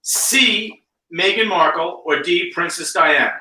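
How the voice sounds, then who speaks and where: Playful quiz-hosting man, bright and roomy. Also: high-pitched, unhurried. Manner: playful, teasing, reads multiple-choice options. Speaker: co-host running a trivia quiz. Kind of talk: casual chat, quiz questions. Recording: roomy sound, distant mic.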